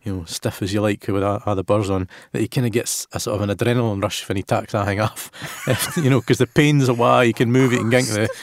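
A Scottish man chatting casually on a radio show, halting and restarting as he tells local lore in Scots words. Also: on the low side, steady tone, a little hiss or hum.

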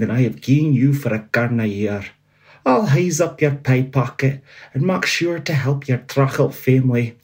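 A man with a North-East Scots accent reading the part of a gruff, miserly old male employer in a storybook. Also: medium pitch, a little mellow, voice pushed up. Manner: gruff, clipped growl.

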